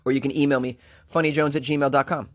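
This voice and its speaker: A man's voice: mid-range voice, little pitch movement, fast talker. A man with a Boston accent, a comedian hosting a comic news show with wry, joking asides. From Boston area.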